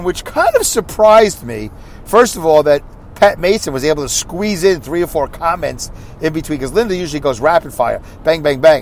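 A man hosting his own podcast, reading listener comments aloud in a rambling, animated way with mocking asides. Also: a little high. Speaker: podcast host.

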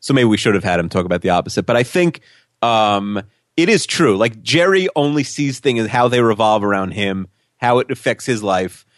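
A man's voice: on the low side, moderate pace, dry recording, studio quality. A man co-hosting a podcast, talking casually and rambling, with many restarts and "like" fillers. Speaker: podcast co-host.

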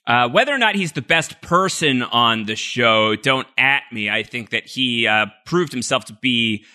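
A man's voice: medium pitch, animated, a little slow, pushed and bright. A man co-hosting a casual podcast, reading out listener mail with lots of fillers and easy laughs. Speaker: podcast co-host. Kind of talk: casual chat.

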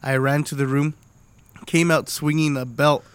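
A slightly high-pitched man co-hosting a podcast, talking like a father joking with his buddy. He swears freely, laughs a lot and slips into voices to act out his stories. The sound is dry and close, with no room around it. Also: steady tone, normal speed, clean tone, no room sound. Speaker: podcast co-host. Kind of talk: casual crude banter.

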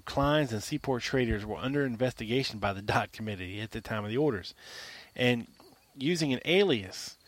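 In an argumentative solo monologue, a podcast host drives home his point through rhetorical questions and emphatic repetition. His voice sits mid-pitch, and the close, dry recording has no room echo.

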